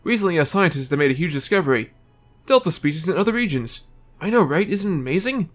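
A man's voice: fairly high pitch, expressive, quick pace, faint music behind, natural voice. Man reading as an eager professor. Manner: reads dialogue aloud, stumbles over names. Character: eager male professor inviting a trainer.

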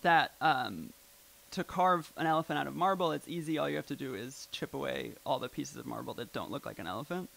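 Gravelly man rambling through a talk. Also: mid-range voice, a little fast, a bit bright, poor audio. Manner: rambling, filler-heavy, with frequent "like" and "um". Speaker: presenter. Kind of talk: casual talk at a live event.

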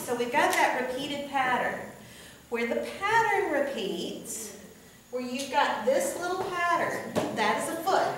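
A woman teacher lecturing a class, often checking in with "okay?". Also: high voice. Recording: echoey classroom from far off, noisy.

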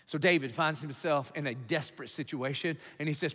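A man's voice: a little high, normal speed, few pauses, pushed and bright. A male pastor preaching an emphatic sermon, driving his points home with punchy rhetorical questions to the congregation. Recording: long reverb of a large hall.

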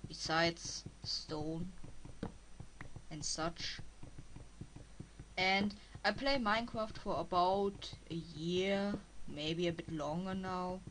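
A woman with a strong German accent, a native German speaker, giving halting, casual commentary as she plays a game and talks to herself. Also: on the low side, a bit bright, a little hiss or hum, rough recording. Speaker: let's player.

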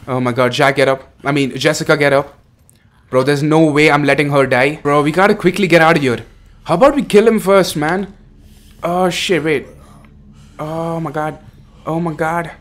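Brief: young male gaming streamer, slightly high voice, excitable, swears a lot. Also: moderate pace. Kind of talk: horror game commentary.

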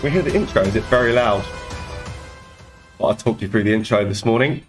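A man hosting a live slots stream, chatting casually and greeting viewers by name in quick, upbeat bursts. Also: fairly low pitch, soft background music. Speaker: slot streamer host.

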